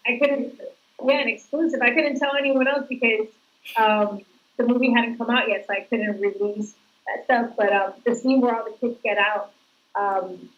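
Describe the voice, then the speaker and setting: Woman guest actress, chatty storyteller, mid-pitched, muffled lo-fi recording. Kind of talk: casual interview answers.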